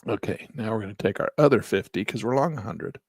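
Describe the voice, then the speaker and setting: A man's voice: on the low side, quick pace, slightly rough, no echo, studio quality. A man casually talking viewers through a live trading lesson, thinking aloud as he clicks through charts and chatting to his viewers. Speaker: trading instructor.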